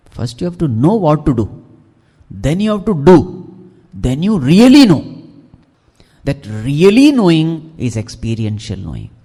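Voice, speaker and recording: A man's voice: on the high side, mellow, breathy edge. A man giving a devotional discourse as a swami, posing questions and answering them himself and reciting Sanskrit verses. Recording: long hall reverb.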